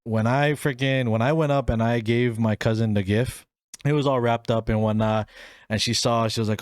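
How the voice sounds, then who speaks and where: Young man, twenties, solo podcast host; chatty and animated, does voices in his stories, dry close mic. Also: mid-range voice, fairly quick, no room sound. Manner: animated storyteller, acts out voices in quotes, laughs often. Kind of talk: casual solo podcast storytelling.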